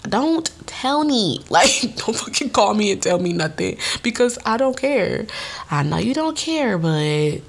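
A woman's voice: mid-range voice, measured pace, vocal fry. Woman podcast host, blunt and cussing, voice jumping all over. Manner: blunt, profane, animated storytelling. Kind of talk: casual storytelling monologue. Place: studio.

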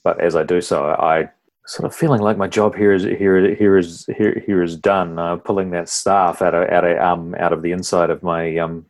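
A man, playing a tabletop game and describing his moves in a halting, hesitant way. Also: deep voice, level tone. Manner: hesitant, halting, many restarts. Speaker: player.

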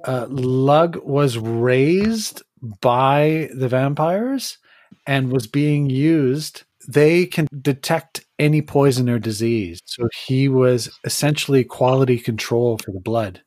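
A man narrating as game master in a tabletop game, unhurried and hesitant, with many fillers and restarts. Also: medium pitch, darkish tone, dry recording.

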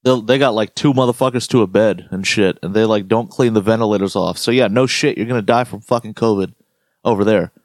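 A man's voice: lowish voice, brisk, no room sound, clean studio sound. A man co-hosting a casual chat, ranting with lots of swearing. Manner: profane, ranting, animated storytelling.

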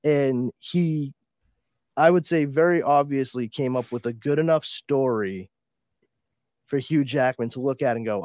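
A man's voice: mid-range voice, unhurried, a little mellow, dry recording. A man hosting a podcast, chatting casually about films, telling stories and swearing freely. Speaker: podcast host. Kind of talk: casual pop-culture chat.

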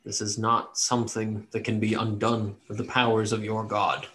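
A man's voice: on the low side, completely flat delivery, moderate pace, bright, forceful tone. A man doing a grim cursed elf prisoner.

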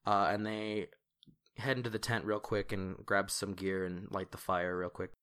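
A man's voice: lowish voice, little pitch movement, moderate pace, a bit bright, smooth. A young man narrating as game master in a loose, chatty way, with many fillers and frequent laughter.

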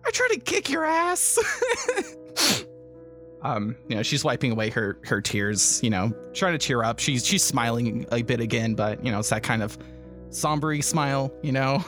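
Narrating a tabletop session as game master, this man rambles along, laughing and using lots of filler words. He talks at normal speed in a medium-pitched, slightly bright voice, with faint music behind him.

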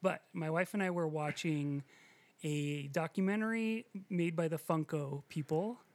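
A man's voice: on the high side, measured pace, a little mellow, no room sound. A man co-hosting a casual podcast chat, rambling and self-deprecating, with many restarts and fillers. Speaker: podcast co-host.

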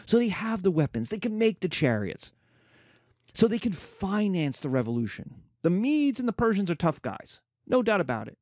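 Brief: male history lecturer, animated, a bit high, acts out characters. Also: normal speed, no echo, studio quality. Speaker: history teacher.

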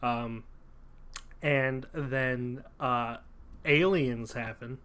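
A man's voice: medium pitch, extremely slow, fairly bright tone. A man co-hosting a casual movie podcast from a room at home with poor acoustics. He rambles, with lots of fillers and restarts. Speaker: podcast co-host.

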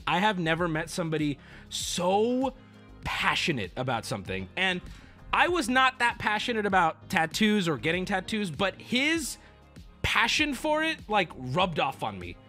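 A man with a high, bright voice spins a casual story for his stream. He swears freely and swings from hushed asides to excited outbursts, with a sing-song lilt all over the place. Soft music runs faintly underneath. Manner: excitable, profane, swings between hushed and loud.

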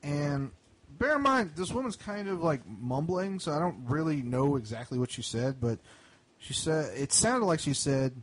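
A man on a comedy podcast telling a rambling story, acting out baffled dialogue with animated outbursts. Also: a little high, moderate pace. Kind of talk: casual storytelling chat.

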